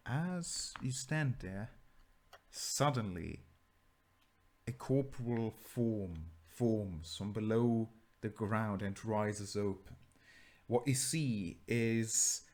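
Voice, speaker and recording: A man's voice: lowish voice, a little mellow. A man narrating and running a tabletop role-playing game as game master, chatty and teasing. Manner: chatty and teasing, laughs often.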